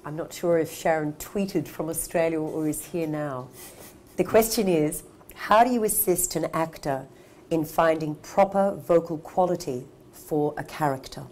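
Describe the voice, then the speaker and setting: Deep-voiced female moderator, reads audience questions, faint hiss. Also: unhurried, a little mellow. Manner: brief, reads questions aloud.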